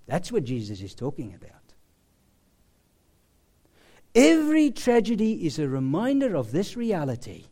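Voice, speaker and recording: A male preacher delivers a sermon in a high, sweeping voice. He speaks slowly and emphatically. He leans on long, dramatic pauses. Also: huge pitch swings, warm tone.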